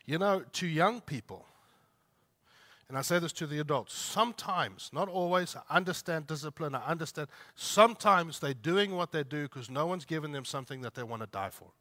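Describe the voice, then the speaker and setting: Bright, forceful male preacher. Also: fairly high pitch, lively intonation, normal speed. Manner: emphatic preaching, repeats phrases and asks rhetorical questions. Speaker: pastor. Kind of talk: sermon.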